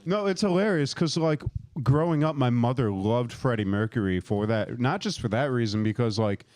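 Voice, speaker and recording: A young man who is a podcast guest, joking in casual banter, relaxed and self-deprecating, and laughing often. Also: medium pitch, moderate pace, no room sound.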